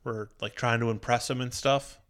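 A young man, telling stories in an animated way during a casual chat. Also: medium pitch, normal speed.

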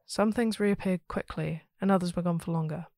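A woman hosting a story podcast, reading a listener's ghost story aloud with steady, expressive storytelling. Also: fairly low pitch, normal speed, no room sound, studio quality.

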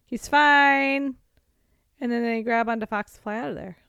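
A young woman co-hosting a podcast, casually retelling a story in a lively way and slipping into quick silly voices. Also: on the high side, clear, resonant tone, no room sound, highs cut off. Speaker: podcast co-host. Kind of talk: casual chat recapping a story.

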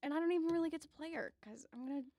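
A young woman co-hosting a tabletop game podcast, animated and swearing freely as she builds a character. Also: high-pitched, racing, no echo. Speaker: podcast co-host. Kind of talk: casual tabletop chat.

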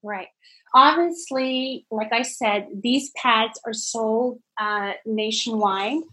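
A woman's voice: on the high side, takes it slowly, poor audio. A middle-aged woman from Canada, a business founder, talking as a guest in a podcast interview and telling stories animatedly. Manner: animated storyteller, acts out phone chats with friends.

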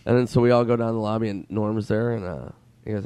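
A man in casual conversation, telling an animated anecdote as a comedian guest. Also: fast talker, smooth, dry recording. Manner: animated, acts out friends' voices in a high whiny tone. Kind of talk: casual storytelling chat.

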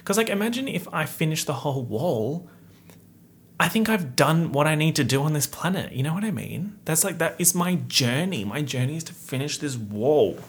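A young man from Perth, Australia hosts his podcast, delivering a chatty, campy update packed with slang and self-mockery. His voice sits on the high side and sounds animated, moving at a normal speed.

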